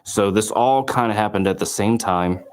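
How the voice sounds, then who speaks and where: A man in his late twenties, a company founder, telling his story in an interview with lively quoted dialogue and many fillers. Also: on the low side, normal speed.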